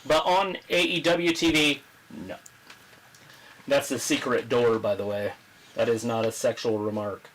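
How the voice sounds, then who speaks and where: A man hosting a casual live wrestling watch-along, chatting, joking and reading viewer comments aloud while his voice grows hoarse. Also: mid-range voice, unhurried, fairly bright tone, poor audio. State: losing his voice. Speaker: livestream host.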